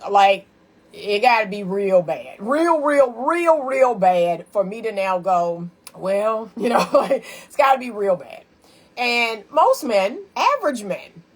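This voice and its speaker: A woman talks straight to her live viewers about choosing a partner, frank and chatty, with quick laughing asides. Her voice sits at an ordinary middle pitch for a woman. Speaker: relationship advice host. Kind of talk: casual live-stream advice talk.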